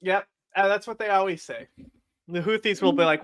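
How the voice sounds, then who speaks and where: A man's voice: sits high, a little fast, fairly bright tone. A man bantering in a sarcastic, joking way and swearing often, as co-host of a reaction show. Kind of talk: casual banter.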